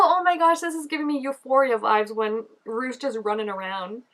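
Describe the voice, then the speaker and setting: A woman giving casual reaction commentary on a TV episode. She gushes and chats, fills her talk with "like" and "oh my gosh", and jumps up in pitch when excited. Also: moderate pace. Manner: gushing and chatty, full of "like" and "oh my gosh". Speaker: show reaction vlogger.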